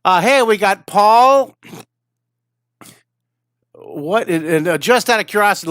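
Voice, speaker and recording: A man's voice: high voice, expressive, moderate pace, bright, forceful tone, dry recording. Chatty fifty-something man, dry close sound. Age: 50s. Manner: chatty and rambling, talking to viewers. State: tired and a little wheezy. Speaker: online drawing teacher. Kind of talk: casual live-stream chat.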